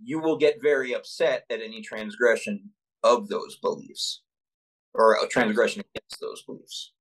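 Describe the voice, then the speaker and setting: A man co-hosting a podcast who talks in a measured, analytical way, pausing to search for the right words. His voice is mid-pitched and plain. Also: fairly bright tone, poor audio. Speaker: podcast co-host. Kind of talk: casual podcast discussion.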